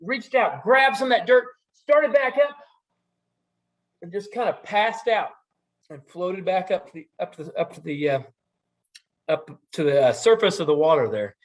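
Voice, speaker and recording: A middle-aged man telling a traditional story in a relaxed, conversational way, with asides and fillers. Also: high voice, normal speed, pauses often. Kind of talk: casual oral storytelling.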